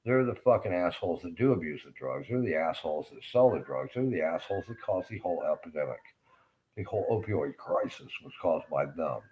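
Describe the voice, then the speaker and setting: A man with an extremely low, deep voice delivers a rambling, profane and agitated rant. He is middle-aged and in pain, and his talk swings between bitter muttering and shouted curses. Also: lively intonation, fairly quick. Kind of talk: angry ranting monologue.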